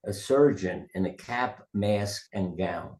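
An older man with a fairly low voice tells loose, rambling stories and acts out the quotes. He is a retired surgeon speaking as an interview guest. His voice rings in a roomy echo. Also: lively intonation, takes it slowly, creaky, a little mellow. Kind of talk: casual interview storytelling.

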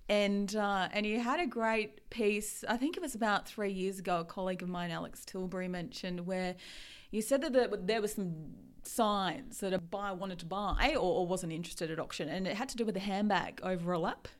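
A woman's voice: medium pitch, normal speed. Friendly woman hosting a podcast. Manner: friendly, laughs easily. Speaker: podcast host. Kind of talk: podcast interview.

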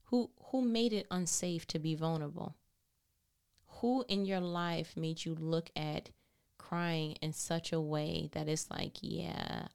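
A woman's voice: deep voice, vocal fry, darkish tone, clear, resonant tone. A woman hosting a faith-based motivational talk, earnest and encouraging, asking rhetorical questions. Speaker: host.

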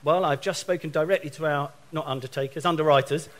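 Animated male preacher telling stories. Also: a little high, fast, few pauses. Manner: animated storytelling, acts out phone calls. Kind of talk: sermon.

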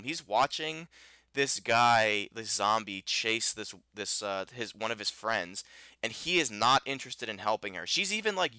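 A man's voice: medium pitch, sharp tone, clear, resonant tone, dry recording. A man co-hosting a podcast, chatting casually and animatedly about a film, rambling with many restarts. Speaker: podcast co-host. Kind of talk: casual film review chat.

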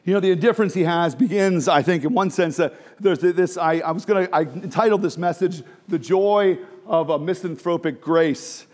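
High-voiced emphatic male preacher. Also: quick pace, hardly any pauses, a little mellow. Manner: emphatic, rhetorical questions, swings to near whisper. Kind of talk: sermon.

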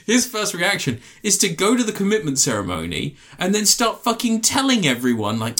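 A man's voice: sits high, brisk, hardly any pauses. A man co-hosting a casual podcast, swearing freely and acting out quotes while he tells stories about reality TV. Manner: sweary, animated storytelling with put-on quotes. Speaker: podcast co-host. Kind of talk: casual chat, reviewing reality TV.

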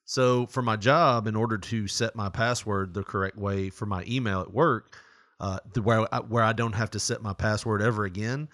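A man hosting a casual chat, telling a story in a lively way, laughing and swearing. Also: on the low side, normal speed, dry recording, clean studio sound. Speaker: podcast host.

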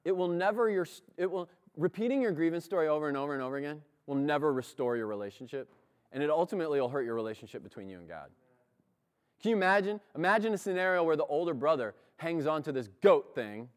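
Animated, lively male church preacher. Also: a little high, fast talker. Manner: animated, conversational, laughs often. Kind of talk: sermon.

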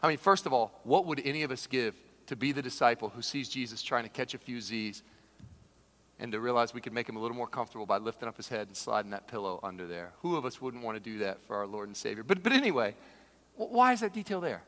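A man preaching a sermon, who swings from shouted, acted-out quotes down to hushed, slow asides. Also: medium pitch. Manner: animated preacher, shouts dramatized quotes, then drops to a hush. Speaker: pastor. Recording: long hall reverb.

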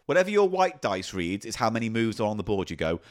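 A man's voice: lowish voice, very animated, fast talker. A man co-hosting a comedy podcast, explaining a board game in a rambling, joking way and stumbling over made-up names. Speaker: podcast co-host. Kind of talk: casual comedic chat.

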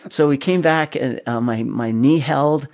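A middle-aged man telling his story in a casual interview, animated, often restarting and repeating his words. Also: medium pitch, a little slow, vocal fry. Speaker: guest.

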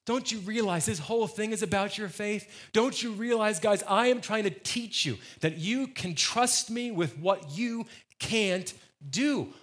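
A male preacher voicing a patient male teacher who gently chides and coaxes his student in a sermon retelling. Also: sits high, measured pace, pitched above the performer's own voice. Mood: gentle. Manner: gently reproachful, coaxing.

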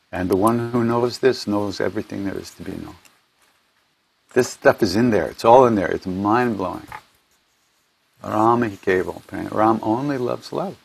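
A man's voice: lowish voice, creaky, breathy edge. A man hosting an online gathering from his home, telling spiritual stories in a rambling, casual way and restarting his sentences often. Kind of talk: casual storytelling talk. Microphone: home computer mic for an online event.

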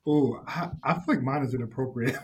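A man who is a podcast guest telling a camp story in casual chat, animated, with lots of fillers and laughter. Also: medium pitch, a little fast, breathy edge. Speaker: youth ministry leader, podcast guest.

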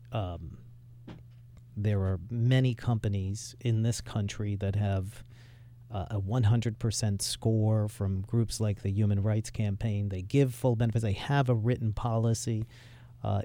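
A man's voice: on the low side, unhurried, warm tone. A man hosting a radio talk show, pressing his guest with probing questions. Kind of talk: radio interview.

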